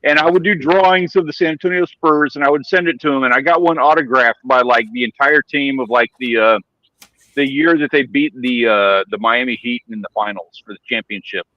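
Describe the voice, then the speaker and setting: A man's voice: medium pitch, fairly quick, no room sound, lo-fi sound. A man in a casual stream chat, telling stories eagerly and swearing casually.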